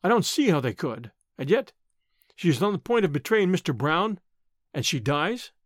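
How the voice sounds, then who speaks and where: A man voicing a calm, shrewd older male lawyer who speaks quietly and deliberately. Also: fairly high pitch, dry recording, studio quality. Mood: measured.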